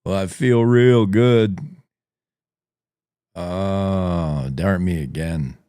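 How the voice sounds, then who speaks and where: A man's voice: low voice, drawn-out words, dark tone, clean tone, no room sound, studio quality, pitched below the performer's own voice. A man voicing a dim, easygoing male Canadian wolf, folksy and drawling.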